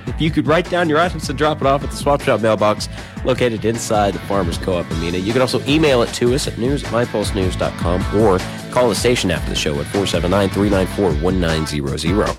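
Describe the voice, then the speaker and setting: A man hosting a small-town radio call-in show, with a slightly low voice. He talks loosely and laughs at himself, yawning and tripping over his words. Faint music plays under him. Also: quick pace. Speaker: radio host.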